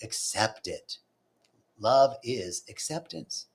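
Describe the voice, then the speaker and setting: A spiritual teacher gives a live-streamed talk in an earnest, conversational tone, now and then voicing inner thoughts with a curse thrown in. He speaks slowly and expressively in a fairly low voice.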